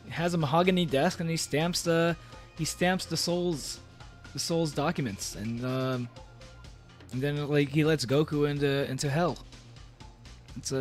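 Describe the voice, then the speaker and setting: Man, streamer playful in-character demon chat, rambling with restarts, a touch higher voice, faint music under him. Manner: many fillers and restarts. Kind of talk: casual livestream chat, reading aloud and reacting. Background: faint background music.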